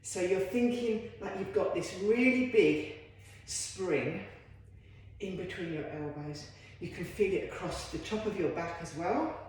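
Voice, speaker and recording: A woman's voice: fairly low pitch, a little slow, darkish tone. Encouraging woman in an echoey room. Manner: encouraging, chatty, self-deprecating asides. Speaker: fitness instructor. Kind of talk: guided home workout instruction.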